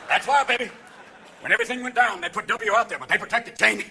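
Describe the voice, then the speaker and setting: A man performing a live stand-up set, firing off manic impressions and sudden shouts. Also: sits high, quick pace, creaky, crowd noise. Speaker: stand-up comedian. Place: theater stage before a crowd. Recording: live audience laughter and noise.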